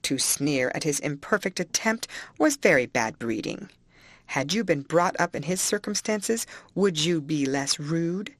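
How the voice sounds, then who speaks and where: A woman's voice: deep voice, lively intonation, measured pace, no room sound. A woman voicing an earnest older housekeeper who reproves a girl firmly but kindly. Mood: reproving.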